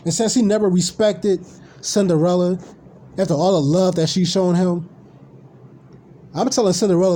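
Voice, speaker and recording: Man, high voice, mellow tone, rambling profane rant, live streamer. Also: steady tone, moderate pace, pauses often.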